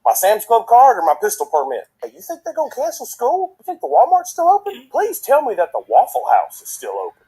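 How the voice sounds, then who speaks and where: A man with a Southern US accent performing a comedy sketch in an animated, exaggerated folksy way. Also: extremely high pitch, fairly quick, hardly any pauses, slightly rough, low-quality recording.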